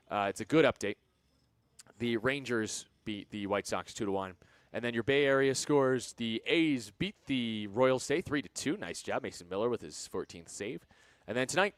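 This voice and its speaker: A young man calling baseball on radio, reading scores in a lively way with quick quips. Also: fairly low pitch, no room sound. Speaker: play-by-play radio announcer. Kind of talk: radio sports wrap-up.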